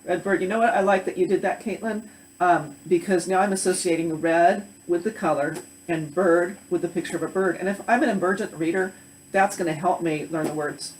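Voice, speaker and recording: A woman teacher chatting about reading aloud in a lively, conversational way. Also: on the low side, a little fast, distant mic, slight background noise, low-quality recording. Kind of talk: instructional chat.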